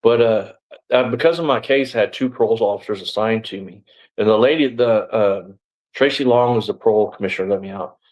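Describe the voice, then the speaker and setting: A middle-aged man speaks in a low voice, telling his story in a loose, rambling way. He is blunt and throws in "you know" and restarts often. He sounds like an interview guest recounting events at length. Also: fairly quick, darkish tone, poor audio. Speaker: interview guest, former sheriff's deputy.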